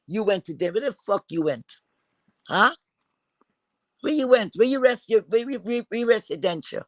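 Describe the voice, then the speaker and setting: Man, high voice, confrontational streamer rant, repetitive insults, dry sound. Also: animated, moderate pace, no room sound, rough recording. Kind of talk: heated profane rant.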